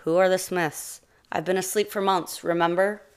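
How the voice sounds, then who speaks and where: A woman's voice: lowish voice, steady tone, moderate pace, clear, resonant tone, close to an everyday voice. A woman voicing a sleepy, grumpy male black bear who talks in a drowsy, skeptical way.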